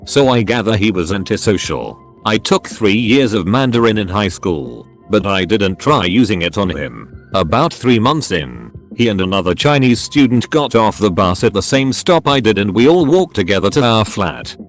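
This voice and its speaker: A man narrating reader-submitted stories in a steady, even read-aloud manner. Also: on the low side, moderate pace, few pauses, faint music behind. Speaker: story narrator.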